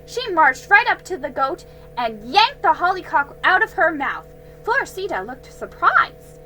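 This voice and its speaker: A woman reading a children's storybook aloud, slow and careful, with small slips she corrects. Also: extremely high pitch, big pitch swings, bright, forceful tone, faint music behind, poor audio.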